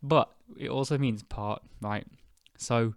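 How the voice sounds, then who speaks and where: A young British man hosting an English-learning podcast, speaking slowly and clearly in a chatty, relaxed way with fillers. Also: medium pitch, no room sound, studio quality. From United Kingdom. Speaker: podcast host and English teacher. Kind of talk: casual spoken lesson.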